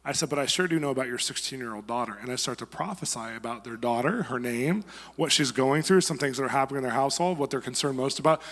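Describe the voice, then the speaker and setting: A man giving a conversational sermon, telling stories and acting out quotes in a lively way. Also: mid-range voice, fast talker. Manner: conversational, animated storytelling with acted quotes. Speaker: guest preacher. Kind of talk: sermon with storytelling. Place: church sanctuary. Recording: long reverb of a church hall.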